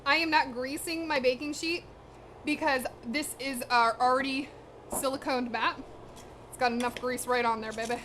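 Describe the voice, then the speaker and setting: This cooking streamer's voice sits high and holds a steady tone at a normal speed, with background noise behind it. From her home kitchen, the young woman chats casually with live-stream viewers while cooking, slangy and direct, addressing her chat head-on and a little out of breath.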